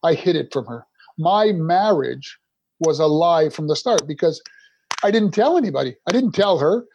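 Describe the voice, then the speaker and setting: A man's voice: a little high, lively intonation, normal speed, a little mellow, dull audio, slight background noise. A middle-aged man from Canada, a podcast guest, telling his recovery story candidly in a rambling way, restarting his sentences often.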